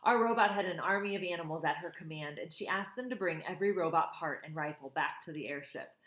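Woman, slightly low voice, reads a children's book with feeling, echoey room. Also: fast. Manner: expressive, warmly emotional reading. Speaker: reader. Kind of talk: reading a children's novel aloud. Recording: roomy echo.

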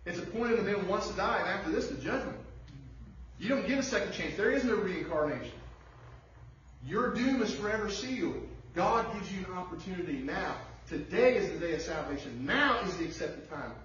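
High-voiced preacher in an echoey church. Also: male voice, animated, normal speed, fairly bright tone, slight background noise. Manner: emphatic preaching with rhetorical questions. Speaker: pastor. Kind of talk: sermon. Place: church sanctuary. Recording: distant, muffled, very echoey room.

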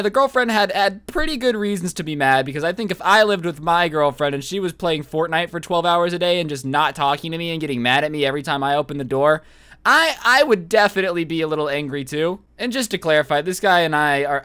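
Brief: young guy, storytime narrator, talks straight to the listener, sits a bit higher in pitch. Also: expressive, quick pace, sharp tone, clear, resonant tone, no echo. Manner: chatty, addresses listener directly with asides. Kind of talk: casual storytelling.

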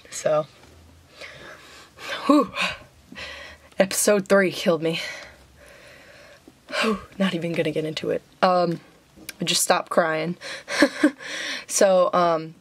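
A woman's voice: on the low side, no room sound. A young woman vlogging casually, chatty and giggly, with lots of ums and a slight Southern US accent. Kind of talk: casual vlog.

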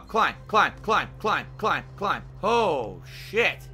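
A man shouts and curses his way through a game, his voice high and sharp, swooping up into yelps and dropping low to mutter. He breaks into sing-song teasing now and then. Game music plays faintly behind him. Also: very animated, drawn-out words. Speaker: gaming streamer. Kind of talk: frustrated game commentary.

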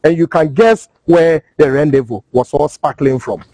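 A man's voice: a little high, moderate pace, mellow, rough recording. A man with a Ghanaian accent giving fiery political commentary, mixing in rhetorical questions. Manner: fiery, switching between English and Twi, rhetorical questions. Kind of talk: impassioned commentary.

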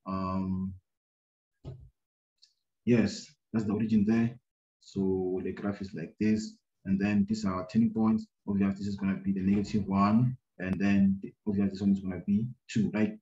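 A man with a low, mellow voice works through a maths problem for his students. He thinks aloud, full of ums and repeated "right?" checks. The recording is dull and lo-fi, in a roomy space. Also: level tone, normal speed. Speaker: maths teacher. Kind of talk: screen-recorded maths lesson.

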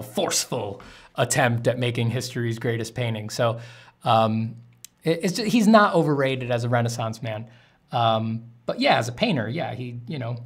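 A man, an artist streaming while drawing, answering chat questions in a candid, rambling way with casual swearing. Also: medium pitch.

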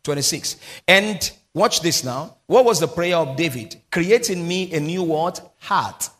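A pastor with a Nigerian English accent preaching a sermon, drilling key phrases through call-and-response with the congregation and breaking into prophetic prayer. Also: male voice, on the high side, expressive, a little slow, a bit bright. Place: large church hall. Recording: long hall reverb.

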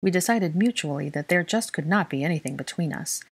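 A woman's voice: deep voice, lively intonation, a little fast, breathy edge, exaggerated voice. A woman voicing an earnest, timid young woman who tends to ramble, in a fan fiction reading.

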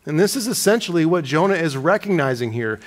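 A man preaching an expository sermon, reading scripture aloud with slowed dramatic emphasis. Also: a little high, lively intonation.

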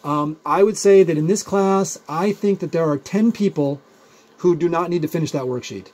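A man explains physics in a recorded video lecture, talking in a loose, rambling way full of everyday examples. His voice sits a little high, with a husky, mellow tone. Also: normal speed. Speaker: physics teacher.

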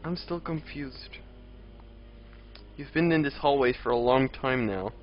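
A man's voice: medium pitch, unhurried, a little hiss or hum. Chatty man streaming a game, lo-fi. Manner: chatty, reads out and answers chat, exasperated outbursts at enemies. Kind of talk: live gameplay commentary. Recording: dull lo-fi stream audio with faint game music.

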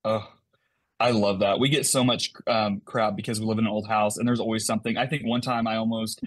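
A man guest on a podcast tells an excitable story, and his voice leaps upward at the dramatic moments. His tone is husky and slightly breathy. The sound is close and dry. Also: brisk, no echo. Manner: animated storyteller, big pitch jumps. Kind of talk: casual podcast conversation.

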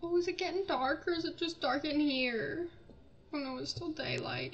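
A woman's voice: high voice, moderate pace, lo-fi sound, slight background noise. A young woman giving casual gameplay commentary, flustered, laughing and easily panicked. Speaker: gaming channel host.

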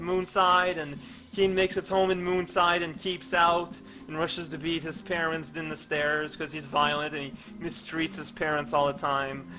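A young man giving rambling, goofy game commentary in a deadpan way, with many stammered restarts. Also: on the high side, rough recording. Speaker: let's play commentator.

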